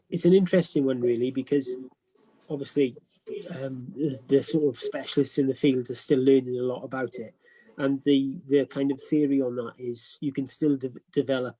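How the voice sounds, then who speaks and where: A man's voice: medium pitch, mellow, low-quality recording. A Welsh man on a video call from home, chatting hesitantly with many ums and laughing easily. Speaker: guest barber. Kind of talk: casual chat. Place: at home, isolating.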